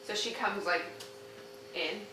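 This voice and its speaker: A woman's voice: medium pitch, takes it slowly, sharp tone. A woman who owns a dog, hesitantly explaining her habits to a trainer with many fillers. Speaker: dog owner, client. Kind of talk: casual conversation. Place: home room. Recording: echoey room, far from mic, noise.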